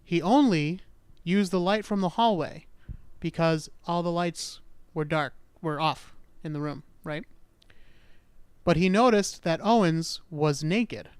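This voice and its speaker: Male podcast host, clean resonant voice on the higher side, dry close sound; relaxed, self-deprecating storyteller. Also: slow pace, clear, resonant tone, no echo. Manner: chatty, self-mocking. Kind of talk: casual storytelling of a true-crime case.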